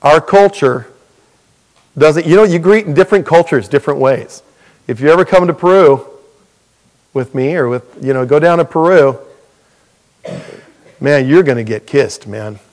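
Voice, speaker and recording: A man's voice: a little high, normal speed, long pauses, a little mellow. A man preaching a sermon as pastor in a church, earnest and folksy with touches of humor.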